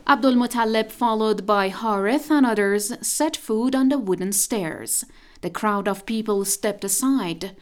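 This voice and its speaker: A woman narrating a radio drama in a steady storytelling manner. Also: fairly high pitch.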